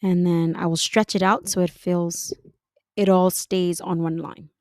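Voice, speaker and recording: A woman narrating a screen-recorded design tutorial, giving unhurried step-by-step instructions. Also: on the low side, flat delivery, a little mellow, no echo, studio quality.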